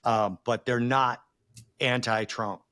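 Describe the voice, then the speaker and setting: A man's voice: mid-range voice, steady tone, takes it slowly, sharp tone. A man co-hosting a podcast, blunt and emphatic in casual chat. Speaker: podcast co-host.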